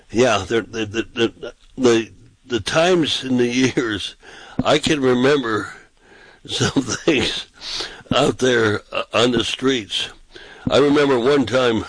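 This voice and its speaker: A man's voice: medium pitch, fairly bright tone, dry recording, poor audio. A man who is a pastor and street preacher, telling anecdotes casually and acting out the quotes in a raised voice. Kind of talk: casual storytelling on a talk show.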